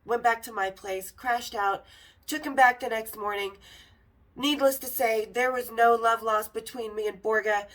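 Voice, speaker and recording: A woman hosting a podcast, telling a candid story in a casual, profane and animated way. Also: fairly high pitch, moderate pace.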